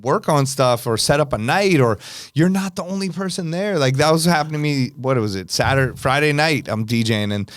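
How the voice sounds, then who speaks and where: A man hosting a podcast, telling a long club story in a casual, animated way with frequent laughs. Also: medium pitch, a little fast, dry recording, studio quality. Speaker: podcast host.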